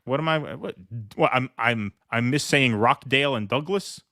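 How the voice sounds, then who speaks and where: A man's voice: mid-range voice, moderate pace, sharp tone, dry recording, clean studio sound. A man hosting a live political stream, chatting casually, joking, and reading viewer comments aloud.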